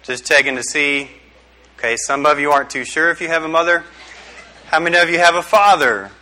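A man's voice: on the high side, a little fast, bright, forceful tone. A middle-aged man giving a casual youth sermon, joking and quizzing his audience. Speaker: youth pastor. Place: small room with a group.

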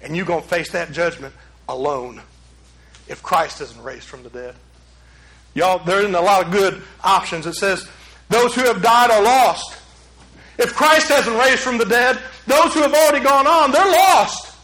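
A man preaching a sermon as a pastor, swinging from loud urgent peaks to hushed low passages. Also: moderate pace, echoey room, rough recording.

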